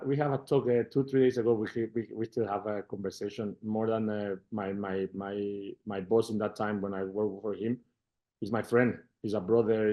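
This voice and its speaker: A middle-aged man with a Mexican Spanish accent, a football manager answering interview questions in halting English, repeating words and getting animated when he retells conversations. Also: lowish voice.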